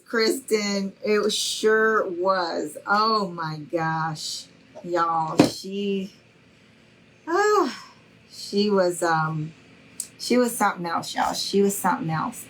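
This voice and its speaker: Slow-talking chatty woman livestream host. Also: mid-range voice, fairly bright tone, rough recording. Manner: chatty, folksy, calls viewers y'all. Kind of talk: casual chat with live viewers.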